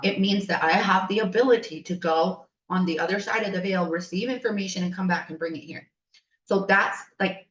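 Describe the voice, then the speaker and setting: A woman's voice: fairly low pitch, fairly bright tone, a little hiss or hum. A woman spiritual coach telling stories in a casual, chatty and enthusiastic podcast style, rambling along as she goes. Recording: roomy, distant, dull sound.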